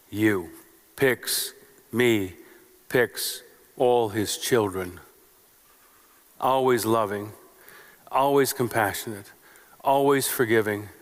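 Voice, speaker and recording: Man, pastor, sermon, repeats phrases, rhetorical questions, slow, long church reverb. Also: medium pitch. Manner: repetitive, rhythmic preaching with short phrases and rhetorical questions. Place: church sanctuary.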